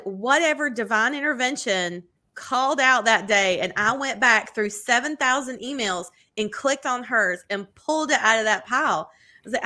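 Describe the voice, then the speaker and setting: A woman co-hosting a podcast, chatting casually and telling animated stories full of "like" and "you know", acting out quotes in bigger voices. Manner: animated storytelling, acts out quotes with big pitch jumps; many fillers like "like" and "you know". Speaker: podcast co-host. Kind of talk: casual chat.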